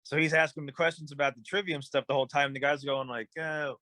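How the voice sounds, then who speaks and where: A man, a musician guest on a podcast, telling stories in a relaxed, rambling way with many fillers. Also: a little high, fast, no room sound. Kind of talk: casual storytelling in an interview.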